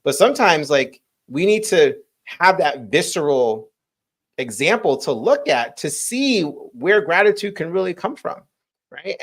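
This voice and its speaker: A man hosting a podcast, speaking in a reflective, earnest way and often checking in with "right?". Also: a little high. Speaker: podcast host. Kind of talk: casual podcast conversation. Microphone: remote video call.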